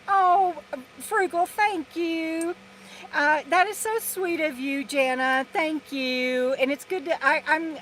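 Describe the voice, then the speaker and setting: A woman's voice: high-pitched, slight background noise, low-quality recording. A woman from Texas, chatting casually on a live stream from inside her RV and rambling through viewer comments. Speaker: vlogger hosting a live stream. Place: inside her RV in a parking lot. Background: loud trucks passing.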